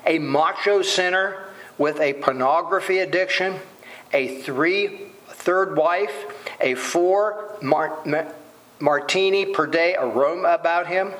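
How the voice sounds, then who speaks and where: A man's voice: a little high, a bit bright, rough recording. A man preaching a sermon, asking rhetorical questions and voicing quoted lines dramatically.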